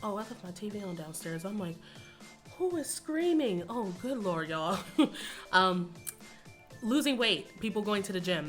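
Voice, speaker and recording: Bright-voiced young woman. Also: fairly low pitch. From Texas, US. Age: 20s. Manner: rambling and chatty, laughs often, says "y'all". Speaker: YouTuber. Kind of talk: casual vlog chat.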